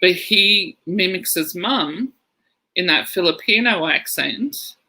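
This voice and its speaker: Male podcast co-host, casual rambling storyteller, sharp bright tone, slightly high voice. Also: animated, slow, low-quality recording. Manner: rambling storyteller, laughs through anecdotes. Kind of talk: casual chat.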